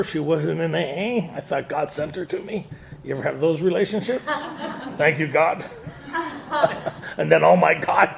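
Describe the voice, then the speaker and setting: A man gives a recovery meeting talk in a raised, gravelly voice. He tells his story in a joking way and keeps laughing at his own lines. A faint hiss of background noise sits under the recording. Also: a little high. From Canada. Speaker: AA speaker.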